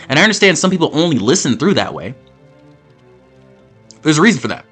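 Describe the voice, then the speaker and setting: A man hosting a gaming channel, ranting in a profane and animated way, often repeating himself as he builds his point. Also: on the high side, brisk, pauses often, breathy edge, soft background music. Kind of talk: ranting commentary over gameplay.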